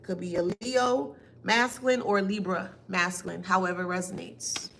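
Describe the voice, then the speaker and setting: A woman's voice: fairly low pitch, fairly even intonation, moderate pace, creaky, very noisy. A woman giving a spiritual reading, taunting and emphatic, asking pointed rhetorical questions. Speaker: tarot reader.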